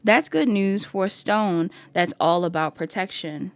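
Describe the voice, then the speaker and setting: A woman's voice: medium pitch, expressive, unhurried, dry recording. A woman giving a casual pick-a-card tarot reading, chatty and talking straight to her viewers, often laughing at herself. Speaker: tarot reader.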